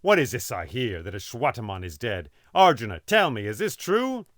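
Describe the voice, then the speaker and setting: A man's voice: mid-range voice, very animated, moderate pace, fairly bright tone, no echo, studio quality. A man voicing a proud old male warrior teacher who speaks in a demanding, scornful way.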